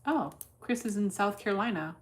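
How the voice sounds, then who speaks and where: A woman's voice: medium pitch, expressive, moderate pace. A woman streaming her day trading in casual chat, blunt and cursing freely as she thinks aloud. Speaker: livestreamer trading stocks.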